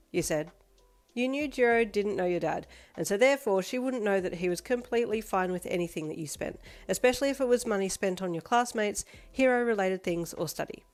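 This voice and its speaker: A woman reading a second-person fanfiction story aloud in a steady, even manner. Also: fairly low pitch, brisk. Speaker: fanfiction reader. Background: faint backing music.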